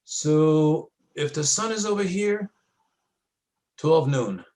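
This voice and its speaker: Casual man teaching a lab, slightly high voice. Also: lively intonation, slow, a little mellow, poor audio. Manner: casual, talks students through diagrams with frequent checks. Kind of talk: classroom lab walkthrough.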